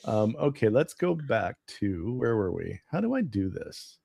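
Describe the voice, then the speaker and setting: A man's voice: fairly low pitch, big pitch swings, unhurried, vocal fry, dark tone, slightly rough. Rambling man co-hosting a chat. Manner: hesitant, rambling, lots of ums and restarts. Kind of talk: casual chat.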